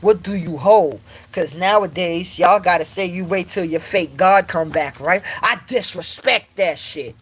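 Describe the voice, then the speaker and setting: A man's voice: sits high, poor audio. A man in a casual monologue, talking emphatically and confrontationally in street slang, repeating his points.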